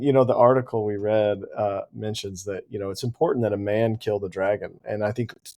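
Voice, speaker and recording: A man's voice: lowish voice, mellow. A man co-hosting a podcast, talking animatedly about books and laughing easily. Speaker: podcast co-host. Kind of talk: casual book discussion.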